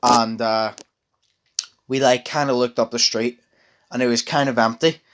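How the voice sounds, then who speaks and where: A young man tells a long story in a casual chat with a voice of ordinary pitch. He rambles, restarts his sentences often and swears freely. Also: steady tone, a little slow, a bit bright.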